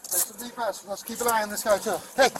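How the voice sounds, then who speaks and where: A male police officer outdoors, giving calm, short directions to colleagues and the detained man. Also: sits high, quick pace, a little hiss or hum, low-quality recording. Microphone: police body camera.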